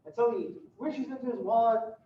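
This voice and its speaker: A male law lecturer telling an animated, playful hypothetical story to his students during a university lecture. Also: very high voice, normal speed. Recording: echoey classroom from a distant mic, dull.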